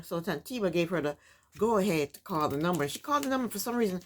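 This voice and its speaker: Lively, opinionated woman recapping reality TV. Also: mid-range voice, quick pace. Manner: chatty, opinionated, talks back at the show. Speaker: TV show recap host.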